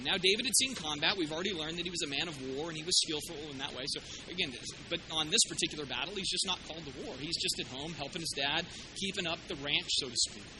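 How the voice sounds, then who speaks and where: A man preaching a sermon, retelling a Bible story in a lively, joking way and acting out the quotes with sudden loud bursts. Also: a little high, low-quality recording. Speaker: pastor.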